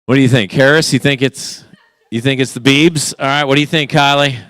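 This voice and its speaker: A man's voice: mid-range voice, steady tone, fairly bright tone, clean tone, no room sound, studio quality. A man hosting a guessing game for a church youth group, playful and teasing with the teens. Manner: playful, teasing, quick back-and-forth with the group.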